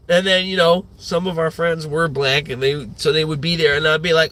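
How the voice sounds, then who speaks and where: A man in his thirties rants to his livestream in a bright, forceful voice that sits a little high. He rambles, swears freely and leans on fillers as he goes. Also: normal speed. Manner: rambling, profane, many fillers. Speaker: livestream host. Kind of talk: ranting livestream monologue.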